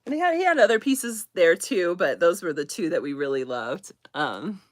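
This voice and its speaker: A woman's voice: lowish voice, sing-song, moderate pace, dry recording, clean studio sound. Chatty woman hosting a live chat. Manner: chatty, laughs often, rambling asides. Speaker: channel host. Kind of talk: casual live chat storytelling.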